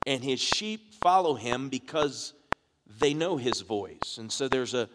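A man's voice: medium pitch, expressive, measured pace. A man, a pastor, preaching a sermon and asking the congregation questions as his delivery builds in force. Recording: echoey hall with background noise.

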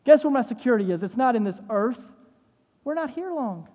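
A pastor delivers an emphatic sermon in a mellow, warm voice, driving points home with rhetorical questions and repetition. The voice rings out with a long hall reverb in a church sanctuary. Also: medium pitch, animated, fairly quick.

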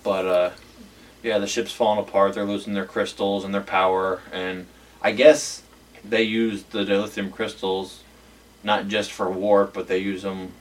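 A man with a fairly low voice recaps a TV episode in casual podcast chat. He rambles with lots of "like" and slips into quoting the characters. He sounds a little distant from the mic. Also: little pitch movement, unhurried, a little hiss or hum. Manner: rambling, filler-heavy, acts out quotes. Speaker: podcast co-host. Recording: voice a bit off-mic.

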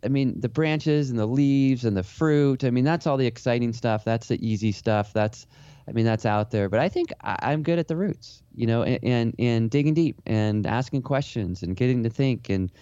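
A man answers interview questions in a reflective, rambling way, often restarting his sentences. His voice is dark and mellow. The recording is dry and a little dull. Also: medium pitch, moderate pace, clean tone, no echo. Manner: rambling, earnest, many restarts. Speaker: portrait photographer and author.

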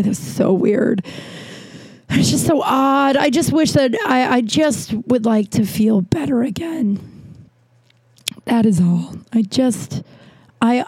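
A woman's voice: medium pitch, warm tone, dry recording. A young woman with long covid telling a frustrated story in a rambling, casual way, with frequent swearing.

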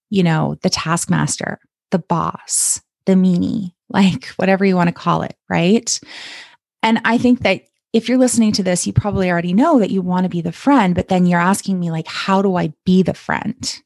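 A woman's voice: lowish voice, moderate pace, vocal fry, no echo. A woman in her thirties from Canada, a coach talking on a podcast in an encouraging, reassuring way. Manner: warm encouraging coaching talk. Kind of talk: podcast monologue.

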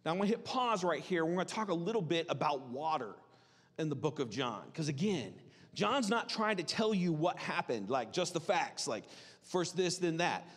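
A man preaching a sermon in a conversational, animated way, acting out the voices of people in the story. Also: on the high side, husky. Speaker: pastor. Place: church hall. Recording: reverberant hall.

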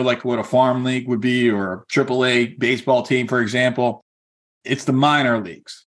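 Taking the role of a real estate coach, a man mixes his own story into a pep talk, sincere and encouraging as he keeps pushing listeners forward. His pitch is a typical middle range for a man, and his relaxed, chatty delivery is peppered with "like" and "you know."

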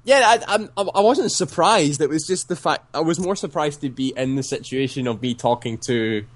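A man's voice: a little high, a little fast. Brief: young male co-host, rambling casual storyteller who swears and acts out quotes. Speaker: podcast co-host. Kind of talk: casual chat.

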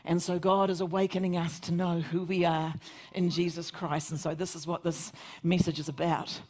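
A woman's voice: lowish voice, level tone, normal speed, a little mellow. A woman pastor preaching a fervent Sunday sermon, rising to emphatic peaks. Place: church service.

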